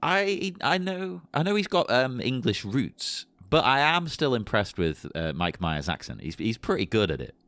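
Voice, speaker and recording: Man with a very lively voice. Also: medium pitch, moderate pace, hardly any pauses, no room sound. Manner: playful, laughing asides. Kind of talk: casual chat.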